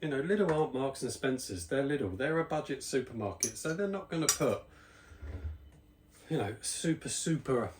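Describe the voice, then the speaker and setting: A man's voice: medium pitch, lively intonation, moderate pace, slight background noise. Chatty British-based man reviewing beer. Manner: chatty, rambling, self-deprecating asides. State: slightly out of breath. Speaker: beer reviewer, channel host. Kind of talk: casual spoken beer review.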